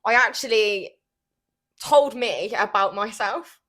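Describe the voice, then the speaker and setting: A woman's voice: medium pitch, takes it slowly, sharp tone. A woman co-hosting a podcast, chatting casually and self-deprecatingly with the odd swear word. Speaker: podcast co-host. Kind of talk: casual chat.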